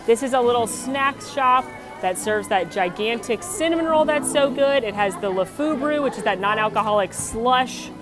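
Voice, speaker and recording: A woman's voice: fairly high pitch, lively intonation, moderate pace, over music. A young woman hosting a chatty, upbeat theme park tour vlog outdoors, full of trivia. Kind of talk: casual walking tour vlog.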